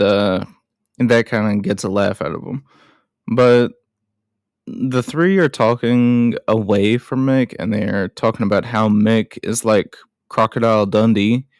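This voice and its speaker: Slow, self-deprecating movie recap man. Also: lowish voice, a little mellow, dry recording, studio quality. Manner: self-deprecating, chatty asides. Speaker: film recap host. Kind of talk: casual film recap.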